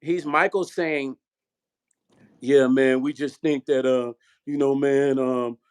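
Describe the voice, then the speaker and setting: A man's voice: mid-range voice, slow pace, clean tone. A man hosting his own vlog, telling a long story with lots of acted-out dialogue and swearing. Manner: animated storyteller, acts out quoted dialogue, profane. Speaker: vlog host, musician. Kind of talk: storytelling chat.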